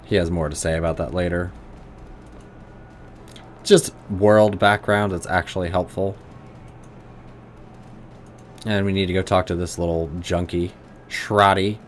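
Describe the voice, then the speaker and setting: A man's voice: sits low, fairly even intonation, measured pace, long pauses, a little hiss or hum. A man giving casual, blunt commentary while streaming a role-playing game. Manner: blunt, profane asides.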